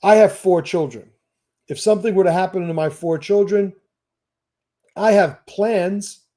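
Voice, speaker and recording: A man's voice: sits high, mellow. Blunt, profane man hosting a stream. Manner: blunt, profane and emphatic, with repeated restarts. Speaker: host. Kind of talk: livestream Q&A monologue.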